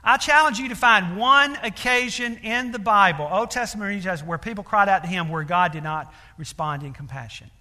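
A man's voice: high-pitched, brisk, hardly any pauses, sharp tone. A man preaching a sermon, telling a story earnestly with many fillers and building to emphatic appeals. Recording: long reverb of a large hall.

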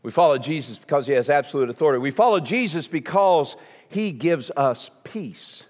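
Southern male preacher, high lively voice, big reverberant hall; emphatic, repeating lines for effect. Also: moderate pace. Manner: impassioned, emphatic preaching with repetition. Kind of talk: sermon.

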